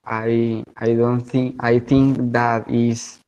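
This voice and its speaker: A male student with a Colombian accent, speaking very slowly. He hesitates often and fills gaps with ums while he searches for words. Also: medium pitch, little pitch movement, darkish tone, clean tone, highs cut off. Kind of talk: classroom answers.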